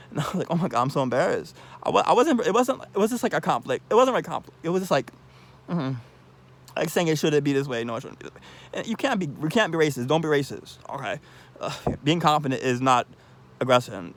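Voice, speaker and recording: A man talking alone to the camera in a rambling monologue, restarting his sentences, laughing softly and often breaking off to say "I love you". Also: fairly high pitch. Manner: repeats "I love you" often, halting restarts, sudden soft asides; laughs briefly between thoughts. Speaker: vlogger.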